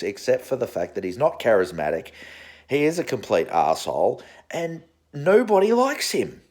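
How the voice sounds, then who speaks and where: A man's voice: mid-range voice, dark tone. A man with an Australian accent giving a profane, sarcastic political rant as a vlogger. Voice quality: swears constantly, sarcastic and heated.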